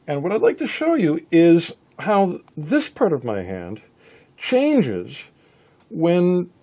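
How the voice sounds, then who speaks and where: A man's voice: a little high, huge pitch swings, slow pace, dark tone. A man giving a casual guitar lesson, thinking aloud with frequent restarts. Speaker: guitar teacher. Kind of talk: casual instructional talk.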